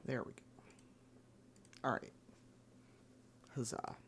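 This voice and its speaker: A man streaming live, chatting casually with viewers in a rambling, laid-back way, his voice gravelly this morning. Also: slow, fairly bright tone, a little hiss or hum. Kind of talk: casual chat.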